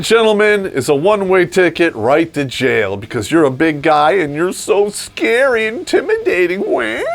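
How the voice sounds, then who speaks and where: Man ranting sarcastically, very animated pitch. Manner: crude, sarcastic, laughing asides. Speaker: vlog host. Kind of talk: ranting comedic monologue.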